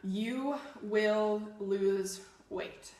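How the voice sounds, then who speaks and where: A woman's voice: mid-range voice, drawn-out words, dark tone, echoey room. A woman co-hosting a live fitness show, chatting casually in an upbeat, encouraging way. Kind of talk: casual live-stream chat.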